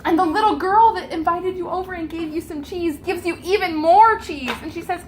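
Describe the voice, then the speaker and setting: A woman serving as game master, narrating a tabletop adventure for a child in an animated, gently coaxing way. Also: extremely high pitch, a little fast, hardly any pauses, a little hiss or hum.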